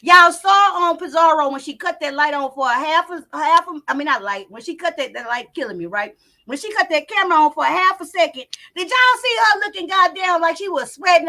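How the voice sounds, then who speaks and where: A woman hosting a live commentary stream from home, loud and profane, talking straight to her chat. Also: high voice, animated, brisk. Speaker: commentary channel host. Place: home, indoors. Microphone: not on camera, live stream mic.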